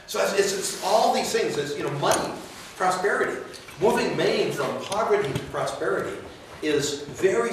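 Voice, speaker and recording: A man delivers a rambling, folksy campaign speech at a university, pitched a little high for a man. The sound is very echoey and picked up from a distance, with faint room hiss underneath. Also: a bit bright. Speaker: political candidate. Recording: echoey room, mic far off.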